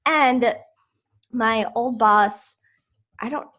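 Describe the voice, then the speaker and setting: Woman podcast co-host, casual and chatty, somewhat high voice. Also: very slow. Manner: chatty storyteller, lively retelling. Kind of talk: casual chat.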